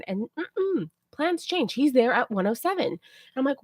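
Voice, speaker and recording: A woman livestreamer telling a story to her viewers in a casual, animated way, often checking in with them. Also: high voice, moderate pace, dry recording, clean studio sound. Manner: chatty, animated retelling, keeps checking in with "okay?".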